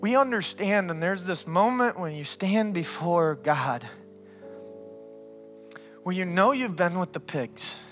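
A man preaching a sermon as pastor, conversational and animated, swinging between loud and hushed, and often calling listeners "man". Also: high voice, slow, pauses often, faint music behind.

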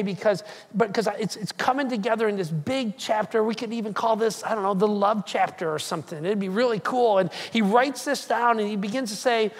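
Role: pastor. Style: sermon. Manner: animated storytelling, acts out quoted lines, jokey asides. Pitch: middle. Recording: long hall reverb in a church sanctuary. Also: a little fast.

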